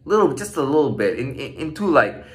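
A man in his thirties tells a story from his own life in a loose, rambling way. His pitch swings up and down with animation, and his speech is peppered with swearing and "like" fillers. The tone stays casual and conversational throughout. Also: big pitch swings, fairly quick, fairly bright tone. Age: 30s. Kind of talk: casual personal storytelling monologue.

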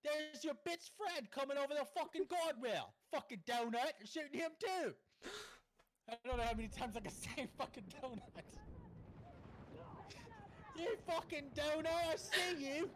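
A man's voice: extremely high pitch, lively intonation, moderate pace. A man playing a shooter game with his wife, furiously trash-talking and cursing at his opponents. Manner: furious, profane taunting. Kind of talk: angry trash talk during gameplay. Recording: loud game noise behind.

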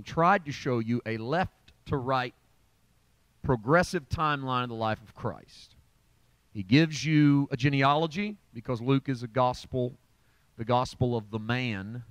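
A man's voice: mid-range voice, no echo. Man preaching in a dry, close sound. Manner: conversational, emphatic preaching with many restarts. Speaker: pastor. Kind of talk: Bible study teaching. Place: church.

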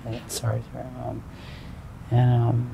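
Man, 20s, interviewee: halting, repetitive storytelling, gravelly tone. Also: mid-range voice, completely flat delivery, muffled recording, noisy background. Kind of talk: street interview. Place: outdoors on a city street.

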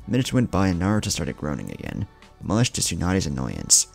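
A man narrating a fan fiction story in an expressive reading voice. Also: low voice, a little fast, creaky, breathy edge. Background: background music.

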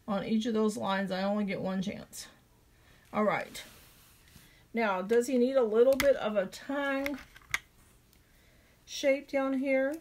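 A woman's voice: a little high, steady tone, slow pace, pauses often, a little mellow. A middle-aged woman with a Southern drawl, chatting through a craft tutorial and thinking aloud as she draws. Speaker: craft video host.

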